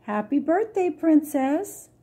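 A woman reading aloud voices a bubbly, eager little fairy in a storybook, with a squeaky, excited voice. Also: slow, exaggerated voice.

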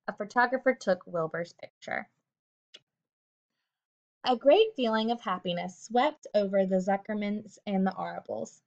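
A woman narrating a children's book aloud with a steady, expressive reading. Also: mid-range voice. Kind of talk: storybook read-aloud. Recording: dull lo-fi recording.

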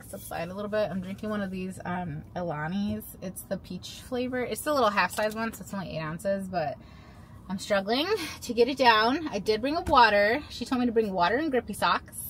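A woman's voice: mid-range voice, lively intonation, brisk, fairly bright tone, slight background noise. Chatty mom vlogging from her car. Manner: chatty, rambling storytelling with playful asides. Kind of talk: casual vlog chat. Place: in a car and out and about.

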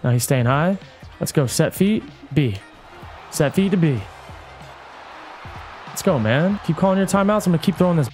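Male gamer, excitable play-by-play of his own game, coaches himself aloud, slightly high voice, faint music bed. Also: moderate pace, pauses often. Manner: excitable, coaching himself, yelling at big plays. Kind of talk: hyped live gameplay commentary.

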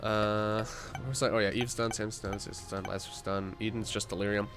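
A man's voice: on the low side, flat delivery, moderate pace, music in the background. A young man livestreaming a game while sick and tired, chatting casually with viewers, with frequent fillers, restarts and the odd voice crack. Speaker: gaming livestreamer.

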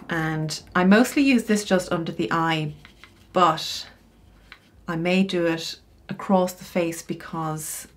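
Middle-aged woman, style coach, lower-pitched voice; chatty tutorial delivery with offhand asides. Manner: chatty, explains each step with casual asides. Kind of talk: makeup tutorial.

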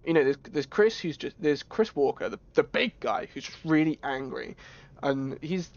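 A man streaming a horror game, talking in a jokey, excitable way with yelps and laughs. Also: a little high, moderate pace, vocal fry, no echo, dull audio. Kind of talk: gaming commentary.

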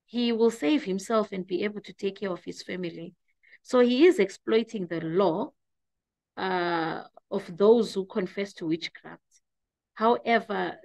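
Woman, teacher, exam revision lesson, gravelly voice, dry close sound. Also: medium pitch, no echo, rough recording. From South Africa. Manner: explains slowly, restating points with hesitant fillers.

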